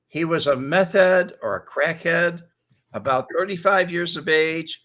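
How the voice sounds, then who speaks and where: An older man hosting a casual talk show, telling animated stories and laughing often as he acts out quotes. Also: a little high, a little slow. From Chicago area. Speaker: show host. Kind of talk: casual storytelling chat.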